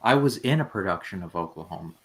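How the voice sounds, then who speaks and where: A man's voice: low voice, expressive, fast, a bit bright. A man in casual chat at a watch party, teasing and stubborn in his opinions.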